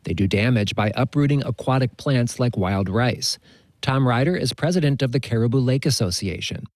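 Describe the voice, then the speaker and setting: A man filing a scripted radio news report with a measured, even delivery. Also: medium pitch, no echo.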